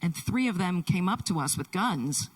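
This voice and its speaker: Woman interpreter, lowish voice, halting first-person testimony, distant church mic. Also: animated, husky. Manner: halting, with many restarts. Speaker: sign language interpreter. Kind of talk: voicing a Deaf man's testimony in first person.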